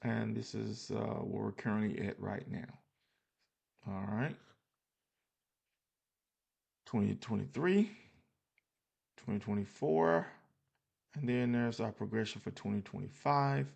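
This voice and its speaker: A man's voice: lowish voice, unhurried, vocal fry, pauses often, darkish tone, husky. A man casually walking through his investment portfolio on screen, loose and plainspoken with many fillers and restarts, a little tired. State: tired, yawning. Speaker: investing channel host.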